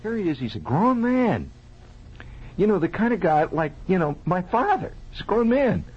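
In an improvised comic monologue from an old lo-fi radio broadcast, a man recalls a childhood episode at a moderate pace. His voice sits high and husky, and he chats animatedly with listeners, asking them questions and adding mouth sound effects.

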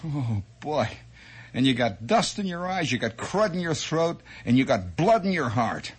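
A man telling a comic childhood story as a monologue, animated and chatty, with asides and mouth sound effects. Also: a little high, unhurried, husky. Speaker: radio storyteller.

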